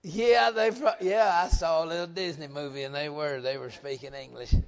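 A middle-aged man preaching a folksy revival sermon, joking with the congregation and swelling into loud emphatic bursts. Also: a little high, fairly even intonation, moderate pace.

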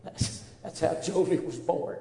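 A man's voice: measured pace, mellow. A man, a preacher telling an earnest, emotional testimony story. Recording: roomy echo.

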